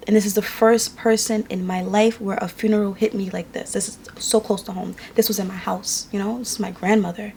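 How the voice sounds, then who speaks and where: A woman's voice: medium pitch, flat delivery, a little fast, gravelly, few pauses, darkish tone, slight background noise. A young adult woman from New York tells a personal story to camera in a candid, emotional, conversational way, indoors at home. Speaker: vlogger. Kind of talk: casual storytelling vlog.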